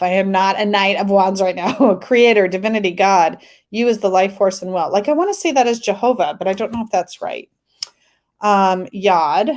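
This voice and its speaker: A woman's voice: medium pitch, a little mellow. A woman hosting a tarot live stream, chatting casually, reading viewer comments aloud and laughing often.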